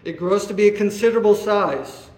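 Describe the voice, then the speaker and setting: High-voiced man preaching in an echoey room. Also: fairly quick, darkish tone. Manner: asks the listeners rhetorical questions, with many "uh" fillers. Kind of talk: sermon.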